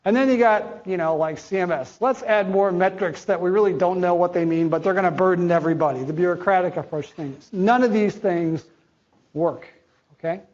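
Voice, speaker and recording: A man with a fairly high voice gives a conference talk in a blunt, conversational way, tossing in slangy asides. The audio is dull and lo-fi. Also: a little fast, a little mellow. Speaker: chief medical officer giving a conference talk.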